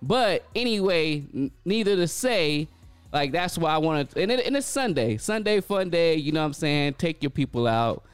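A man's voice: a little high, very animated, normal speed, clean tone, no room sound, faint music behind. A man, telling a casual story in a loose, chatty way full of filler phrases.

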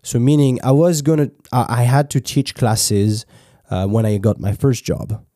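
A man with a French accent talks through a casual podcast monologue, relaxed and loose with his words, swearing now and then and circling back over half-finished phrases. His voice is mellow and warm. The recording is dry and close, with no room sound around him. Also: medium pitch, measured pace, no room sound. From France. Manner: laid-back, swears freely, frequent restarts. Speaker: podcast host.

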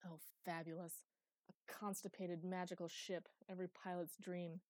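A woman voicing a sarcastic, sulky young male pilot in an audiobook, pitched up and whiny. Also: moderate pace, warm tone, no room sound, lightly acted. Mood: snarky.

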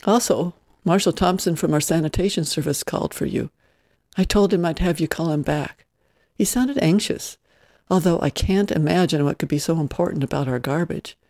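A reader voicing a widowed mother who runs a family ranch, speaking gently and earnestly in a close, dry recording. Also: mid-range voice, moderate pace, dry recording, close to an everyday voice. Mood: matter-of-fact.

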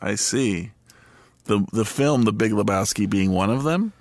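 Podcast cohost guy, gravelly low voice, deadpan jokes, dry close sound. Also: a little slow, no room sound. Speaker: podcast co-host. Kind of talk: casual chat.

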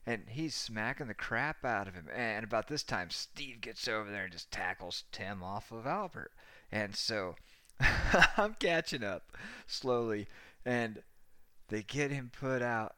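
Bright-voiced man telling a rowdy story. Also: on the low side, expressive, a little slow, dry recording. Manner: rambling, profane, laughing often. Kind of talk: casual anecdote telling.

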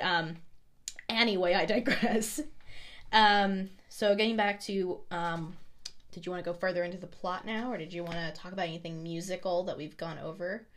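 Young female co-host, chatty and quick to laugh, medium pitch. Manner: giggly, chatty, often acts out quoted lines. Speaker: podcast co-host. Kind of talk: casual chat.

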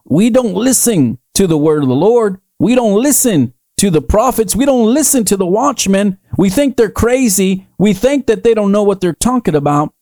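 A man's voice: sits high, animated, normal speed, few pauses, warm tone, no room sound. A man hosting a podcast, preaching in an emphatic, repetitive way that rises into fervent declarations. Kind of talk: preaching commentary.

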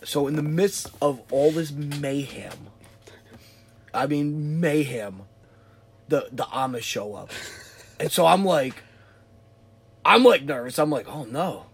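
A man's voice: a little high, lively intonation, slow pace, long pauses, a little hiss or hum. A man in casual chat, telling a party story in a rambling way, repeating his words as he goes. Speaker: friend chiming in on the story.

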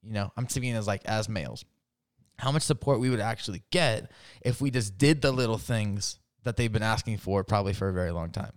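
A man's voice: lowish voice, brisk, dry recording, clean studio sound. A man talking as a podcast guest in casual chat, rambling with lots of fillers and laughing as he retells stories.

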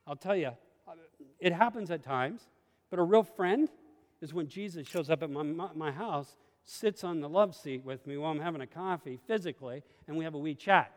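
A man preaching a sermon with passion, swinging between hushed confiding and sudden exclamations. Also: a little high, normal speed. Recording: long hall reverb.

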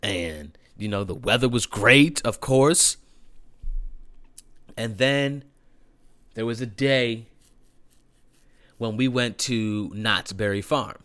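A young man casually telling a profane, animated family story with lots of fillers and laughter. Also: mid-range voice, slow, long pauses, dry recording.

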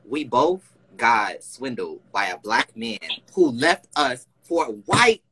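A young man co-hosting a casual podcast, chiming in with teasing prompts and quick asides. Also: mid-range voice, very animated, heavy background noise. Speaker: podcast co-host.

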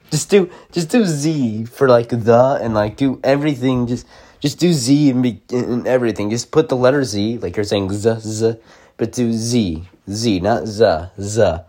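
A man's voice: mid-range voice, normal speed, warm tone. Rambling young man, casual talk. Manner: rambling, full of likes and restarts.

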